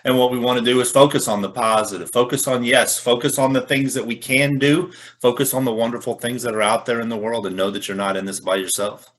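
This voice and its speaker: A man co-hosting an interview, earnest and appreciative, speaking with some halting restarts. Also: medium pitch, steady tone, fairly bright tone. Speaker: co-host. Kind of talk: casual interview chat.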